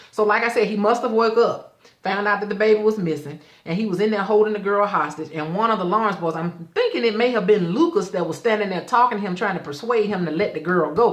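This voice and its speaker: A woman with a drawl tells an episode's story in a chatty, animated way. She slips into the characters' voices as she goes. Her voice sits at a middle pitch, and the room gives it a noticeable echo. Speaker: show host reviewing a TV episode. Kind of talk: casual episode recap.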